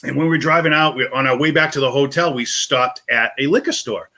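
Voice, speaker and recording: A man with a Boston accent, co-hosting a live whiskey show and chatting casually, telling animated stories full of quick asides. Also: medium pitch. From Boston area. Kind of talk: casual chat.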